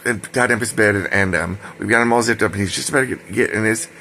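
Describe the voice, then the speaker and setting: An older man tells a rambling story from his own life. His voice sits low and gravelly, with a bright, forward edge. He drifts into side tracks and corrects himself as he goes. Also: fast talker, slight background noise. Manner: digressive, full of ums and self-corrections.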